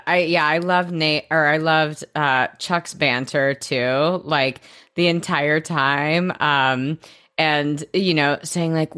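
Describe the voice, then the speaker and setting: Low-voiced woman in casual recap chat. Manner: animated, swears freely, acts out quotes. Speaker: podcast co-host.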